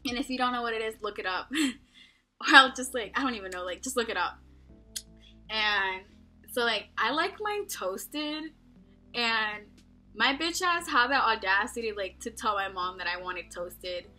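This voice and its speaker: Young texas girl vlogging from her dorm, bright voice, says like a ton, swears n giggles. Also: fairly high pitch, animated, normal speed, faint music behind. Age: young adult. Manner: rambling, constant "like", profane, giggly. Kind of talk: casual storytelling to camera. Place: small dorm room.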